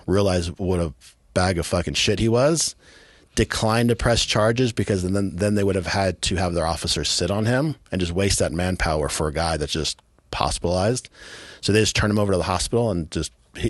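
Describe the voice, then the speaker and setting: A man's voice: low-pitched, no room sound, clean studio sound. A man from California, a podcast guest, telling a violent story in a blunt, profane, matter-of-fact way with streetwise grammar. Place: podcast studio.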